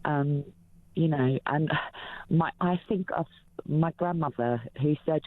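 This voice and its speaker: A woman in her fifties calling in to a talk show, speaking emotionally and haltingly with many fillers. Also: deep voice, dry recording. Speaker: caller. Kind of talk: phone-in call. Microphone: telephone. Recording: tinny phone line.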